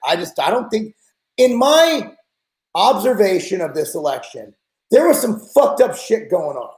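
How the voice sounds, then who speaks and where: High-voiced man ranting bluntly. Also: sing-song, measured pace, a little mellow, echoey room, low-quality recording. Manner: blunt, profane, exasperated ranting. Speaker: podcast host. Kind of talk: casual podcast rant.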